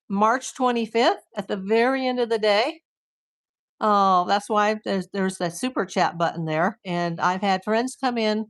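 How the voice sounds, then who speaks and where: A woman streaming live from home, chatting casually with her viewers and rambling with lots of "like". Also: medium pitch.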